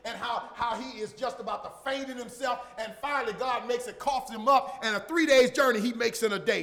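High-voiced man preaching a sermon. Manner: emphatic, repeats lines, swings from shouts to near-murmurs.

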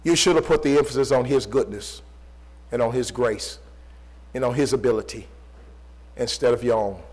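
A man preaching a sermon, repeating rhetorical questions, swinging between loud emphatic pleas and low, quiet passages. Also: moderate pace, low-quality recording.

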